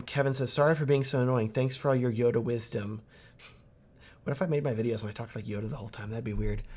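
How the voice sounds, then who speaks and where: A man's voice: mid-range voice, darkish tone. Chatty man answering livestream questions. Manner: casual and chatty, reads viewer comments aloud. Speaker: wedding filmmaker and livestream host. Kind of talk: casual livestream Q&A.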